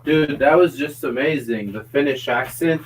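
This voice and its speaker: A man's voice: mid-range voice, moderate pace, slightly rough. A man co-hosting a podcast in casual chat, joking and playful over a voice call. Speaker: podcast co-host.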